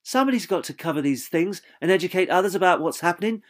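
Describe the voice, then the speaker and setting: A woman's voice: lowish voice, lively intonation, a little fast, pitched above the performer's own voice. A man voicing a strong-willed woman reporter who argues in a firm tone, in an audiobook. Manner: firm, argumentative.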